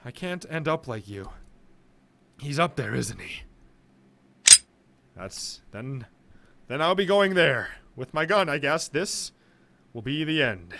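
A man giving jokey let's-play commentary on a horror game, reacting loudly and reading notes aloud. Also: fairly high pitch, big pitch swings, slow pace, gravelly, long pauses, very noisy. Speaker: gamer playing a horror game. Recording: loud game music behind voice.

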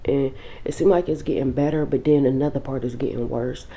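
Very deep-voiced sick woman vlogging. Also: fairly even intonation, brisk, mellow, a little hiss or hum, poor audio. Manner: tired, informal, talks straight to viewers. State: sick with flu, weak and drained. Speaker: vlogger and mother. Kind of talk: casual vlog chat.

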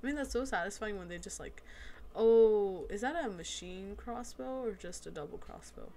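Woman, casual gaming commentary, excitable, mid-pitched, faint background hiss. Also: moderate pace. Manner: excitable, exclaims and laughs at the action. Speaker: video game player. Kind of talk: casual let's-play commentary.

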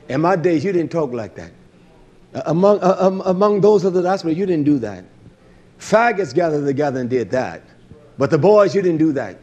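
A man preaching a sermon to his congregation, blunt and combative, with slangy talk that drops to low mutters and rises to loud outbursts. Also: animated, fairly quick, husky, dull audio. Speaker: congregation leader.

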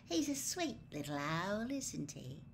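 A woman voicing a dreamy, unflappable teenage girl witch, speaking in a soft, calm, quiet way. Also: medium pitch, takes it slowly, a little hiss or hum.

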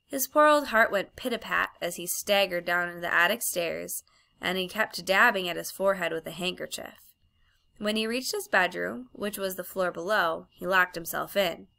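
Bright, gravelly woman narrator. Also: lowish voice, normal speed. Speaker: audiobook reader. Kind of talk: storybook narration.

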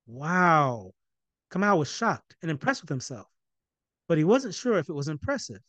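A man reading his own novel aloud in an even storytelling narration. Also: fairly high pitch, normal speed, no echo. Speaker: author.

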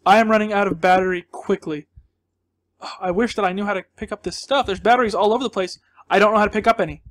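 A high-pitched man talks through a scary game as a let's play. He gets flustered and jumpy, thinks aloud and exclaims often. Between outbursts he drops to a quiet mutter. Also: steady tone, quick pace, no echo. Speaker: gaming channel host.

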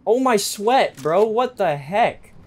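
Excitable young man narrating his gameplay. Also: sits high, takes it slowly. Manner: excitable, repeats himself under pressure. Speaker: gaming youtuber. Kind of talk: live gameplay commentary.

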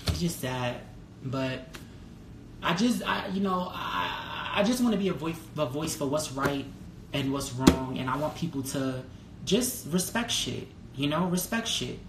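A man talking casually on a live stream, candid and full of swearing, reading out viewer comments and jumping to a high pitch when excited. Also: a little slow. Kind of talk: casual livestream chat. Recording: roomy echo with faint background noise.

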